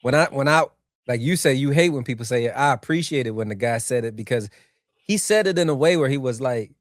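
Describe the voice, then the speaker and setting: Man, middle-aged, podcast co-host, measured, reflective, mid-pitched, dry close mic. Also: no room sound. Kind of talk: casual podcast chat.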